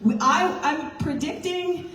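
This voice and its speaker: A woman's voice: high-pitched, slow pace, fairly bright tone, slight background noise. A woman party chair, tired from little sleep, talking casually to a crowd in a rambling, self-mocking way and laughing between thoughts. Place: large indoor meeting room with a crowd. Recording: echoey hall, voice from far off.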